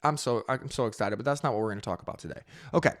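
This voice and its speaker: A man's voice: mid-range voice, rapid-fire. A man hosting a casual crypto show to camera, playful and teasing, with mock-sultry asides, on a studio microphone. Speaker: host.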